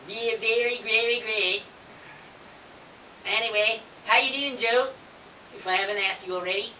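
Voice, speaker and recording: A woman hosts a homemade puppet show in a chatty way, talking straight to the viewer. Her voice is bright and a little high, and she speaks slowly. The mic sits far back in an echoey room, with faint hiss. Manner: chatty, friendly, addresses the viewer. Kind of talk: casual puppet show chat.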